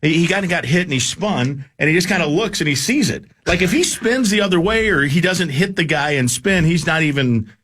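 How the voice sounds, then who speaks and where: A man's voice: on the high side, expressive, fairly quick, few pauses, fairly bright tone. A middle-aged man on a sports radio show, telling a football story in a rambling, casual way with many restarts.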